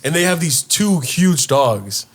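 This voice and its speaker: Lively young man telling a story. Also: a little slow. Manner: animated storyteller who acts out voices with big pitch jumps, swears freely. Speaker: podcast co-host. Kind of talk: casual podcast chat.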